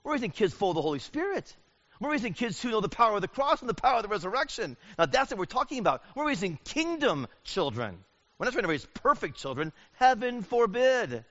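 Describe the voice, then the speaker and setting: A middle-aged man preaching a sermon in an animated way, acting out the voices he quotes. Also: high-pitched, a little fast. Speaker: pastor. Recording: dull lo-fi sound.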